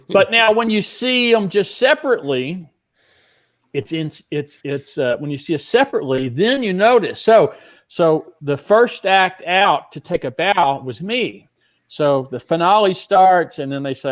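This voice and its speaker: A middle-aged man with a high voice tells a backstage story. He is animated and acts out what the others said. He sounds like a guest magician recounting a show. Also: moderate pace. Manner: animated storyteller acting out other people's lines. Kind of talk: telling a backstage anecdote.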